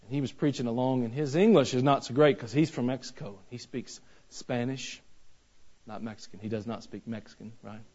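A man's voice: medium pitch, a little fast, a little mellow, muffled recording. A man preaching a sermon. He talks in a folksy, joking way that builds into fervent preaching. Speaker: pastor.

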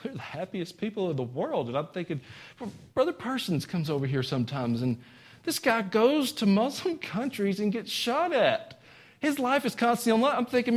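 Folksy preacher, rising to high exclamations. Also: male voice, very animated, normal speed, husky. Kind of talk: sermon.

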